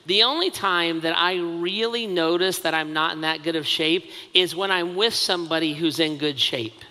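A man with a high, sharply bright voice preaches a sermon in a big hall with a long reverb tail. He talks in a conversational, self-mocking way and keeps adding asides. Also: moderate pace. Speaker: pastor.

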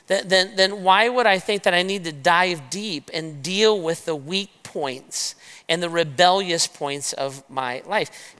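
A man preaching a sermon, retelling a scripture story in a lively way and talking straight to his listeners as "guys". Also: high-pitched, smooth. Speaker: pastor. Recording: long reverb of a large hall.

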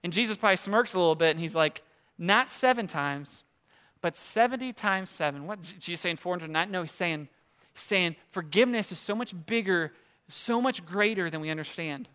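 A young man preaching a casual sermon, telling stories in a conversational, animated way and acting out quotes. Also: sits high, a little fast, smooth. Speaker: pastor.

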